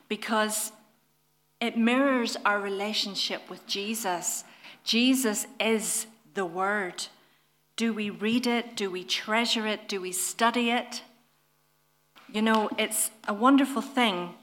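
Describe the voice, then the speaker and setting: A woman preaching a sermon in an earnest, gentle way, often putting questions to her listeners. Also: mid-range voice.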